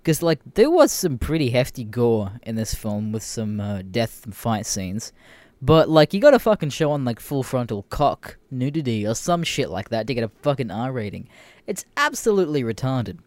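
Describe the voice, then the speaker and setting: A man's voice: medium pitch, normal speed, dry recording. A young Australian man hosting a podcast, ranting casually, swearing a lot and laughing often. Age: young adult. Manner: profane, animated, laughs often. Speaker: podcast host. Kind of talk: casual rant.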